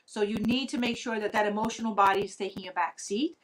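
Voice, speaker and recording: Woman, mid-range pitch, earnest conversational teacher of witchcraft. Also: quick pace, a little hiss or hum, poor audio. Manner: earnest, conversational, many "you know" asides. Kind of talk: casual spoken teaching.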